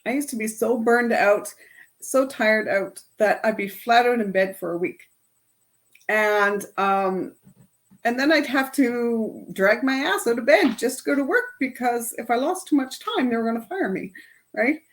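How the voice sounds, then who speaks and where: A woman's voice: a little high, a little slow. A middle-aged woman life coach leading a self-help workshop in a casual, chatty way, often ending her points with "right?". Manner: chatty, tags lines with "right?". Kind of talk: casual workshop talk to a group.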